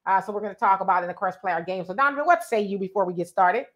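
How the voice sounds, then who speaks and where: A woman hosting a talk show about relationships, chatting in a lively, emphatic way. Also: mid-range voice, very fast. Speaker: show host. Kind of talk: casual talk show chat.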